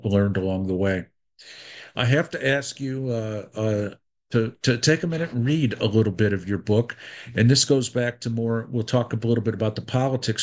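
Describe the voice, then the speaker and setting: A man hosting a talk show, introducing his guest and asking questions in a halting way with many fillers. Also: on the low side. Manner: halting, lots of fillers and restarts. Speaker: radio host.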